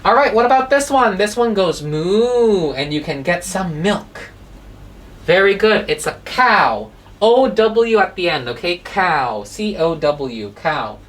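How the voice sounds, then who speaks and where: Animated woman teaching kids phonics. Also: on the low side, a little slow, distant mic. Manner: animated, spells words letter by letter, asks questions. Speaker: children's English phonics teacher. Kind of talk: children's phonics lesson.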